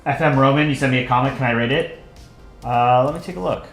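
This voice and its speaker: Laid-back guy rambling on a cartoon drawing stream, roomy echo, music low. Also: quick pace, gravelly. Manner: relaxed, rambling with fillers. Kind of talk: casual live stream chat. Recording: echoey room with faint music.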